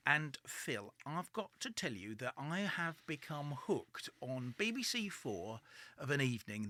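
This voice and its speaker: A man's voice: mid-range voice, sharp tone. A man co-hosting a radio show, teasing his partner in playful, jokey banter. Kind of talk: casual comic radio banter.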